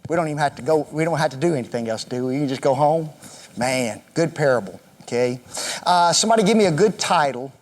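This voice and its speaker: Man, Bible class teacher, high and very animated voice, playful quizzing style, long echo of a church hall. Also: fast talker. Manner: quizzes the class with questions, joking, often says "folks". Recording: echoey hall reverb.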